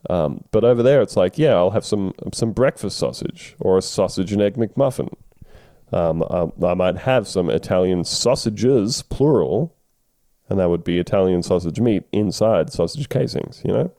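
A man's voice: sits low, animated, moderate pace, dark tone, dry recording, studio quality. A man with an Australian accent, co-hosting a podcast in a laid-back, rambling, sweary way. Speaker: podcast co-host. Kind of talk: casual chat.

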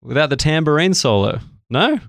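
A man with an Australian accent, a guest comedian trading deadpan, profane jokes. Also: fairly high pitch, moderate pace, vocal fry. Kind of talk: casual comedic banter.

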